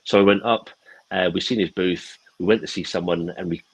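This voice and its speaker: A man's voice: deep voice, steady tone, brisk, husky, poor audio. A man telling a long rambling anecdote in casual chat over a video call, with many restarts. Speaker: co-host.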